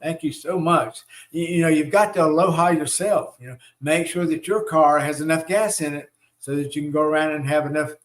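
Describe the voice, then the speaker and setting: A man's voice: on the high side, fairly quick, few pauses. A man hosting a live spiritual teaching. He coaxes his listeners along and checks in often with "right?" and "okay?" as he leads them through repeated affirmations. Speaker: spiritual teacher and show host.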